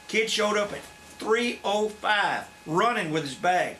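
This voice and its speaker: This is a man in his fifties with a drawl, a former wrestler appearing as a guest on a shoot interview. His voice is high-pitched and his pace is moderate as he tells blunt, profane stories with animated energy. Faint background noise sits under the recording.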